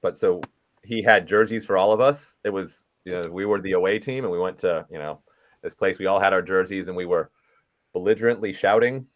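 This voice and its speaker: A man's voice: sits low, a little fast. A man from England co-hosting a live chat, telling a story with self-deprecating humor and laughing along. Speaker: co-host.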